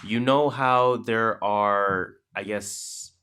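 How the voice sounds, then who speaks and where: A man's voice: lowish voice, fairly even intonation, very slow, bright, forceful tone, smooth. A man with a Toronto accent co-hosting a podcast in laid-back casual chat, swearing freely and leaning on fillers. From Canada. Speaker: podcast co-host.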